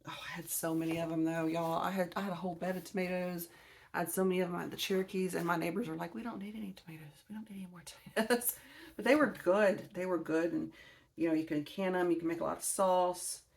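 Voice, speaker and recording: A woman's voice: fairly low pitch, steady tone, quick pace, creaky, slight background noise. A woman in her forties with a Southern US accent, chatting casually and rambling about her books on her own channel. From Alabama, US. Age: 40s. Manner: chatty, rambling, self-correcting. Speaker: gardening channel host. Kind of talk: casual video chat showing books.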